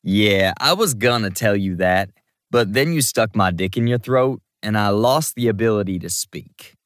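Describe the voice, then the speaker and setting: Brief: male narrator voicing a relaxed, joking young man with a low voice. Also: moderate pace, no echo, studio quality, lightly acted. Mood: teasing. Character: teasing, affectionate young man.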